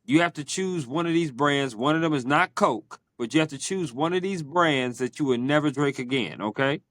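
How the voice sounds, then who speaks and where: A man hosting a podcast, asking quick either-or questions in a playful, teasing way. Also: on the high side, expressive, fairly bright tone, no room sound, studio quality. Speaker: podcast host. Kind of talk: casual interview chat.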